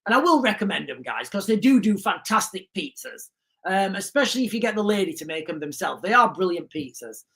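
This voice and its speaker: A man's voice: sits high, sing-song, a little fast, vocal fry, fairly bright tone. A man hosting a livestream, talking in a rambling, chatty way and laughing often. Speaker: livestream host. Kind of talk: casual livestream commentary.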